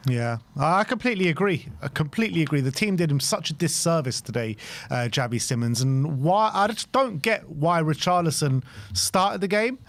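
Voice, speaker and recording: A man's voice: a little high, expressive, moderate pace, a bit bright, dry recording. A man co-hosting a football fan show, agreeing and sounding exasperated about a player. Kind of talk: casual football fan chat.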